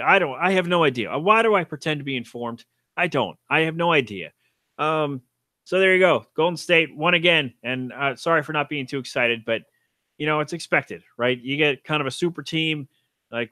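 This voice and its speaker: A man with a mid-range voice, pushed and bright, hosts a casual solo podcast where he rambles offhandedly about sports, pokes fun at himself and swears casually. The studio sound is clean, with no room sound.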